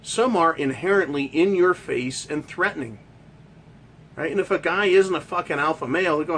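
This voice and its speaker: A man's voice: high-pitched, moderate pace, fairly bright tone, slight background noise. A male podcast host delivering a profane ranting monologue full of rhetorical questions.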